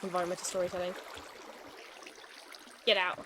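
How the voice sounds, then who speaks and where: A woman's voice: lowish voice, monotone, normal speed, noisy background. A young woman streaming a game, chatting casually and telling an exasperated, wry story between moves. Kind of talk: casual gaming commentary with storytelling.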